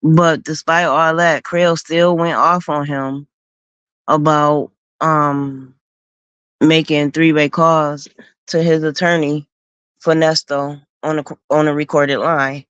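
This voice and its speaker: A woman hosting a stream, slowly recounting events in a casual storytelling manner. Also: low voice, level tone, a bit bright, smooth, no echo, dull audio. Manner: slow, recounting events with acted quotes. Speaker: host.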